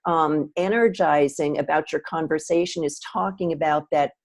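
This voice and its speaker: A woman hosts the interview, reflective and measured as she sums up her guest's points. Her voice sits on the low side. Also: gravelly. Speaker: interview host. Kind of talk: casual interview chat.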